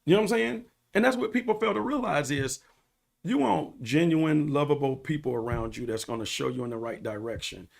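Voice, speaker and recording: A man with a somewhat high voice speaks as a guest on a casual interview podcast. He talks earnestly, like he's giving a sermon, and he drives his points home by repeating lines over and over. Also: lively intonation, fairly quick, vocal fry. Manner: earnest, preachy, repeats for emphasis.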